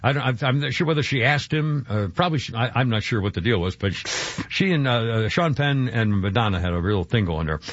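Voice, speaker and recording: A man's voice: medium pitch, expressive, brisk, no echo. A man hosting a radio show, rambling casually with muttered asides and self-mocking jokes. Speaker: radio host. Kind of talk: casual on-air banter. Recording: dull broadcast audio with faint music.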